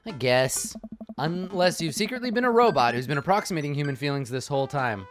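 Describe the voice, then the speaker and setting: A man's voice: fairly high pitch, lively intonation, brisk, faint music behind. A man streaming a game who makes casual, joking asides to his chat.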